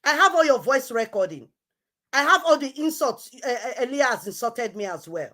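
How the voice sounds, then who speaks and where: A woman's voice: fairly high pitch, big pitch swings, normal speed, fairly bright tone. A woman hosting an online show, scolding someone in a heated, repetitive rant. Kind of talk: heated live-stream rant.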